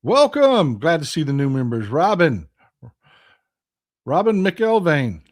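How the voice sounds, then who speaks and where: A man's voice: fairly high pitch, big pitch swings, slow pace. Texan man hosting a live stream. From Texas. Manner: reads chat aloud, greets viewers by name, self-correcting restarts. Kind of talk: casual live stream chat reading viewer comments.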